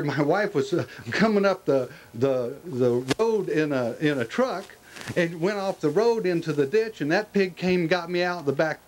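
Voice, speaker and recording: A man's voice: on the high side, a little hiss or hum, natural voice, rough recording. Man doing an earnest old farmer, insistent. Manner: insistent, repetitive. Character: earnest old male farmer, proud of his pig.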